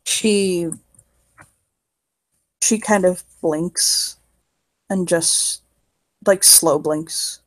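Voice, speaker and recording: A player describing a character's actions in a tabletop horror game, halting and casual, swearing freely. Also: mid-range voice. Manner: halting, casual, swears often, many fillers.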